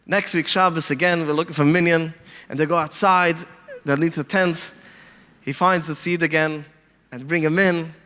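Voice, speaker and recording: A man telling stories in an animated way, mixing in Yiddish phrases and acting out the people he quotes. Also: a little high, normal speed, big-room sound. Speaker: podcast guest speaker. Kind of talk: storytelling talk.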